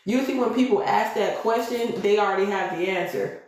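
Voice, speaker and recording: A woman's voice: on the high side, expressive, a little fast, darkish tone. A woman giving a live-streamed tarot reading, preachy and emphatic, often checking in with her listeners with "okay?". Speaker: tarot reader. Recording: very echoey room.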